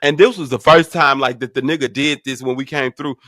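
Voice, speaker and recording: A young adult man hosting a casual vlog, telling a story in a profane, animated way. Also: mid-range voice, brisk, dry recording, clean studio sound. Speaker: vlog host.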